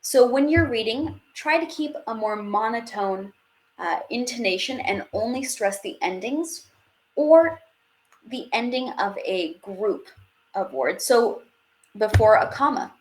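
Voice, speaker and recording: A woman's voice: on the high side, animated, a little slow. A woman teaching a live online French class, chatty and upbeat, reading out viewer questions as she goes.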